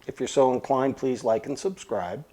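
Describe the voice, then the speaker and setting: A man's voice: medium pitch, normal speed, dark tone. A man hosting a casual cooking vlog, talking plainly and thinking aloud as he goes. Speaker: cooking channel host.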